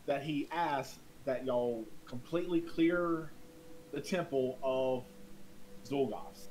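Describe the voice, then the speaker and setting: A man narrating a tabletop game as game master, talking in a relaxed, rambling way. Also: medium pitch, a little hiss or hum, rough recording. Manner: relaxed, rambling, halting restarts.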